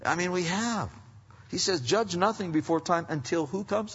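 A middle-aged man preaching a conversational sermon as pastor, swinging between loud emphasis and hushed asides. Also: high voice, moderate pace, husky. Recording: dull sound with long hall reverb.

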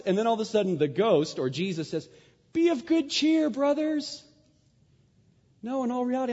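A man preaching a sermon, telling a story and acting out the lines he quotes with big jumps in his voice. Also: husky. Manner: animated, acts out quotes with big pitch jumps. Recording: dull sound in a large hall.

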